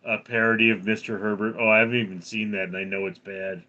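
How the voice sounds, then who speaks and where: A man's voice: fairly low pitch, level tone, quick pace, pushed and bright, muffled recording. A man in his thirties live streaming, reading out viewers' names and answering them with crude, joking replies. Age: 30s. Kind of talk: casual live-stream chat.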